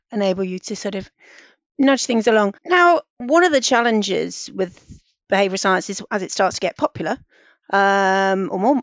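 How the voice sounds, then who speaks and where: A woman's voice: mid-range voice, no room sound, muffled recording. A woman hosting a podcast, asking polite, hesitant questions with lots of fillers. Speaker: podcast host. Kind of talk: conversational podcast interview.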